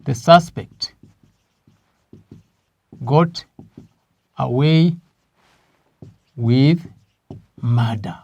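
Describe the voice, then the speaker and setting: A man's voice: mid-range voice, creaky, a little mellow, no echo. A man with a Kenyan English accent teaching a grammar lesson, stressing key words and asking questions that he answers himself. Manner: slow, emphatic, asks questions then answers them.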